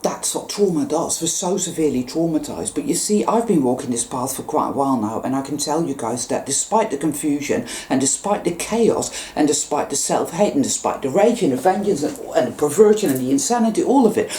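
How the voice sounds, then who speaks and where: A woman with a low, mellow voice delivers an intense spiritual monologue. Her pitch swings widely as she presses each point with emphatic repetition and blunt swearing. The room around her gives a roomy echo. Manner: intense, emphatic, swears freely, repeats phrases. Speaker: spiritual vlogger.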